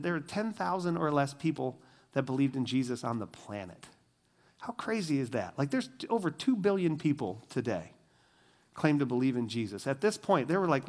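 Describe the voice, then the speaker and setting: Pastor, male, slightly higher voice, chatty and animated, acts out quotes mid-sermon. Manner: conversational, lots of "like" fillers; animated, mimics people in quotes. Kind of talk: casual sermon. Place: church with a screen.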